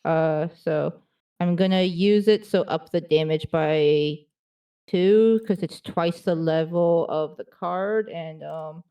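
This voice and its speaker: A woman's voice: lowish voice, slow, mellow, smooth. A woman playing a tabletop game, asking about the rules in a chatty, hesitant way with many fillers. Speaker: player.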